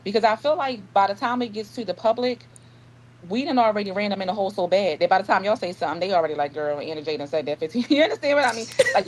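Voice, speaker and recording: A woman author talking in a casual interview, telling stories in an animated way and acting out dialogue. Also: medium pitch, a little hiss or hum, poor audio. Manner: animated storyteller, acts out dialogue. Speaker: author guest.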